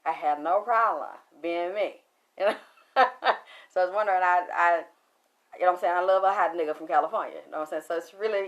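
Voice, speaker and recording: A middle-aged woman with a Southern accent from Atlanta, chatting on a livestream with a slightly low voice. She rambles through stories, laughs easily and answers her viewers' comments as they come in. Her talk is loose and animated. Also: fairly quick, highs cut off. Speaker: livestream host. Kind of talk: casual livestream chat.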